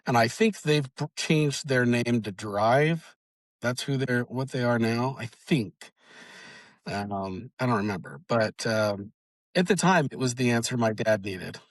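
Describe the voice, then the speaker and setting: A man's voice: medium pitch, no echo. Young guy interviewed about the family shop, stops and restarts a lot, dry close mic. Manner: halting, many restarts and fillers. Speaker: guest, auto shop owner's son. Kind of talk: conversational interview storytelling.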